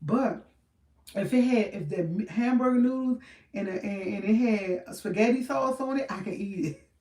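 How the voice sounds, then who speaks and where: A woman's voice: mid-range voice, normal speed, a little mellow, distant mic. Chatty woman, roomy off-mic sound. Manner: chatty, rambling, laughs often. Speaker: livestream host. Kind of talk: casual live chat with viewers.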